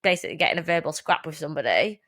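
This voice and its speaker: A woman, co-hosting a casual podcast chat, blunt and sweary and quick to laugh. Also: low voice, expressive, a bit bright. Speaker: podcast co-host.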